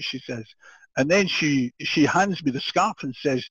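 An older man from Scotland with a Scottish accent, a podcast guest telling an animated story with frequent laughter and restarted sentences. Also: on the high side, normal speed, husky, dry recording. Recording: dull, dry lo-fi audio.

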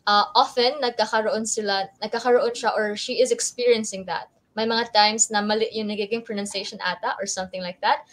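A teacher co-hosting a Taglish lesson discussion speaks with a Filipino accent, explaining things in a friendly manner and reading out viewer comments. Her mid-range voice stays steady, and she talks quickly with hardly any pauses.

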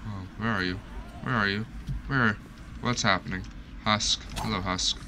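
A man's voice: on the low side, steady tone, unhurried, background noise. A young man streaming gameplay, talking to the game in a panicky, self-mocking way as things go wrong. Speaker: gaming streamer. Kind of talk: live gameplay commentary.

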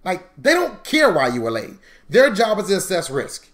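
A man teaching a live-streamed credit class, chatty and animated, calling viewers "y'all" and acting out mock quotes. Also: sits high, normal speed. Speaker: credit repair instructor.

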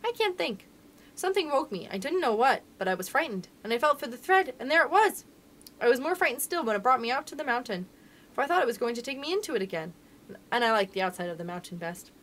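A woman voicing a sweet, eager young princess girl in a storybook reading, speaking high and breathless with excitement. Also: fast.

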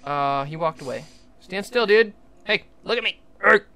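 A young adult livestreamer giving jokey, excitable commentary while playing, often talking to the game's characters. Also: mid-range voice, normal speed. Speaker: gaming livestreamer. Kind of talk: live gameplay commentary.

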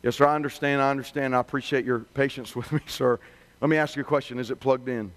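A soothing, deferential male phone rep who stays endlessly patient, his voice pitched low and kept gentle and quiet, as a preacher puts him on in a sermon story. He talks in a steady, placating way. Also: quick pace, long reverb tail, close to an everyday voice. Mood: calm, patient. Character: calm, overly polite male customer service rep.

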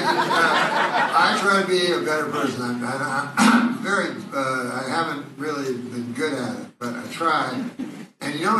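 A man doing stand-up comedy, deadpan and rambling, with hesitant fillers. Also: mid-range voice, heavy background noise. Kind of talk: stand-up routine. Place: comedy club. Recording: bootleg club recording from far off, echoey with loud crowd. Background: audience laughter.

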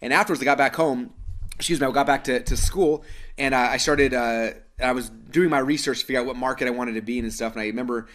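Fast-talking American man telling a story. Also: mid-range voice. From Idaho, United States. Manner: energetic storytelling with many fillers and restarts. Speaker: webinar host. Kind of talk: live webinar presentation.

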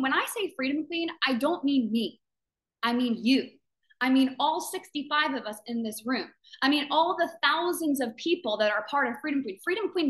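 On a live video call, the founder of a business community gives her members a fervent motivational talk. Her voice is high-pitched and a bit bright; she hammers her points with repeated phrases and mimics doubters' voices in quotes.

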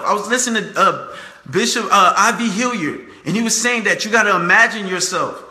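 A man's voice: high-pitched, brisk, pushed and bright. A young man giving a fervent, preachy motivational talk to camera, repeating his points and calling his viewers "guys.". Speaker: motivational speaker. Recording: echoey room.

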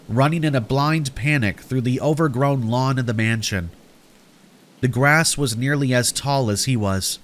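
A man's voice: mid-range voice, a bit bright. A man narrating a scary story in a scripted, dramatic storytelling manner.

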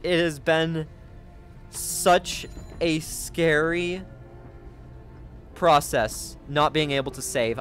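A man giving let's play commentary as a gaming video creator, excitable, gasping and chatting to his viewers. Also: medium pitch.

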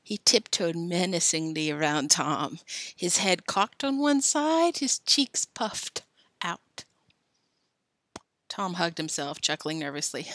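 A woman reading a children's chapter book aloud in a lively way, giving each character a voice. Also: fairly low pitch, slow pace, no room sound. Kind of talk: storybook read-aloud.

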